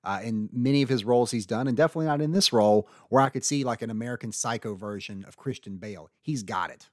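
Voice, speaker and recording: A man's voice: medium pitch, fast, dry recording. Earnest man arguing, dry sound. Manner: earnest, builds arguments with restarts. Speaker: podcast co-host arguing casting picks. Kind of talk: casual debate chat.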